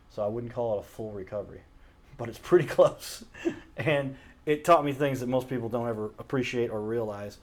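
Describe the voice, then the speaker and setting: A man's voice: medium pitch, brisk, a little mellow. Rambling earnest man talking to camera. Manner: rambling, earnest, self-correcting. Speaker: show host. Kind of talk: casual solo talk to camera. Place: indoor home studio. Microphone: camera mic, self-recorded.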